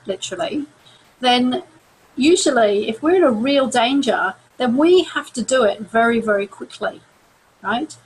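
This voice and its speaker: A middle-aged woman coaching an audience on stress in a calm, measured, conversational way with occasional restarts. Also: mid-range voice, a little hiss or hum, poor audio. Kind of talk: talk to an audience.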